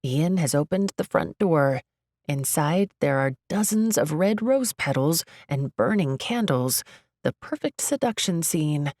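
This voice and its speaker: A young woman narrating a first-person romance audiobook, expressive, jumping up in pitch for her character's outbursts. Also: unhurried, no room sound, studio quality.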